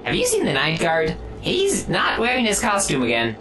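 Bonnie, a woman doing a low, gravelly rabbit. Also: wildly swooping pitch, moderate pace, a loud crowd, exaggerated voice. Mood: clueless. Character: dim, easygoing animatronic rabbit. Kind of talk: animated cartoon voice acting.

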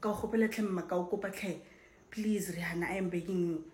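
A South African woman talks straight to camera in a reaction vlog, her fairly low voice bursting into exclamations and then earnest, repeated begging. She swears freely and keeps pressing her point with emotional insistence. A clear bed of ambient noise sits behind her throughout. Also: steady tone, quick pace, a little mellow, poor audio. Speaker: reaction vlogger.

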